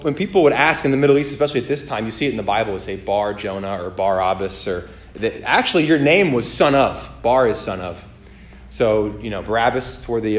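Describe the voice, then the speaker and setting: A man preaching on a podcast, telling stories with lively acted-out voices and many fillers. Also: reverberant. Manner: animated storytelling, acts out voices with big pitch jumps. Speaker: pastor. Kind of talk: sermon on a podcast.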